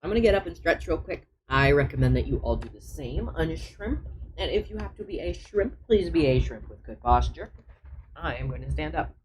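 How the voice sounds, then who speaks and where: A man's voice: fairly high pitch, animated, normal speed, noisy background. A man chatting on a live stream as he draws, often muttering his steps to himself as he works. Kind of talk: casual live-stream chat while drawing.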